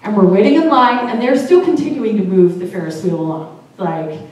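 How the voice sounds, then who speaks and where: A woman with a mid-range, darkish voice tells a personal story live, speaking a little fast. She's casual and chatty, laughing often and swearing. The room is very echoey and she sits far from the mic.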